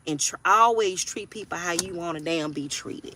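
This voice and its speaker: A woman's voice: lowish voice, normal speed, sharp tone, slight background noise. A woman in her forties giving a casual tarot reading, blunt and profane, preaching and often asking if you hear her. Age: 40s. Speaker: tarot reader.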